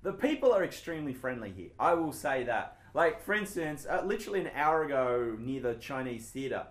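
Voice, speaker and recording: A man's voice: mid-range voice, expressive, a little fast, echoey room. A man with an Australian accent, telling stories in a rambling, self-deprecating way in a casual chat.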